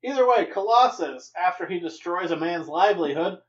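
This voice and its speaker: A man's voice: high voice, expressive, fairly quick, highs cut off. A young man co-hosting a comics podcast, chatting casually with dry, wry jokes. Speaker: podcast co-host.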